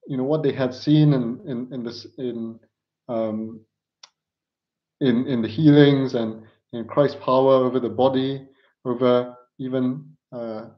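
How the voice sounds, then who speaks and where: Earnest male preacher, dull lo-fi recording. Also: mid-range voice. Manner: earnest, halting, pleading rhetorical questions. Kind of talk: sermon.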